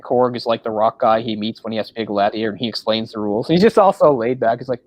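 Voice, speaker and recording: A man's voice: fairly low pitch, quick pace, darkish tone, no echo, rough recording. A man co-hosting a casual film discussion podcast, talking in a rambling way with many fillers. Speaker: podcast co-host.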